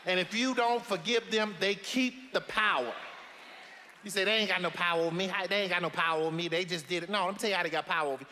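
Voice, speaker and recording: A man's voice: high voice, quick pace, long reverb tail, slight background noise. Madea, a man playing a brassy grandma. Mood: earnest preaching. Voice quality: loud sassy drawl with folksy sayings. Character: brassy elderly Southern grandmother, blunt and preachy. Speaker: advice-giving matriarch. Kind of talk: film comedy-drama acting.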